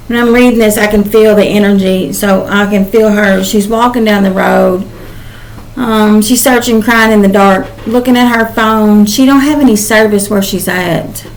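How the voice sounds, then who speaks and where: A woman's voice: mid-range voice, gravelly, rough recording. Rambling older woman giving a channeled reading. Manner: rambling and emotional, with frequent "um"s. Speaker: psychic channeler. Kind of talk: casual spoken channeling reading.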